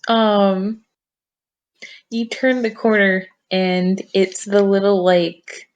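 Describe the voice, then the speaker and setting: A woman narrating a tabletop role-play scene in a halting way, with many pauses and fillers. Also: mid-range voice, steady tone. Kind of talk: slow, hesitant collaborative narration.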